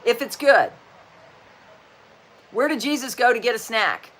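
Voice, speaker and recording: Her voice sits on the high side, expressive and fairly bright, and she takes her time; a little hiss or hum runs underneath. She's a woman in her sixties running a casual livestream, chatty and folksy, telling corny jokes cheerfully and repeating "just saying."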